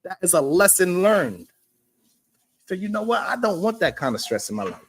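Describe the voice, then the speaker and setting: A man hosting a talk show, reacting to clips in loose, animated commentary, laughing and repeating himself for emphasis. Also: high-pitched, moderate pace, slightly rough. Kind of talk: casual commentary. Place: studio.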